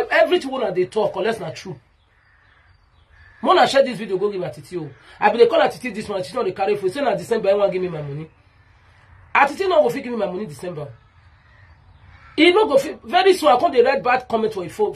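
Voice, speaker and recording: A woman's voice: mid-range voice, husky. A Nigerian woman ranting straight to camera in an aggrieved, repetitive way, calling out a rival directly. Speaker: vlogger. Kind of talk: direct-to-camera rant video.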